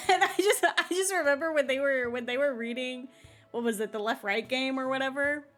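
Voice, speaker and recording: A young woman streaming live, chatting casually and excitably between bursts of laughter. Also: high-pitched, brisk, faint music behind.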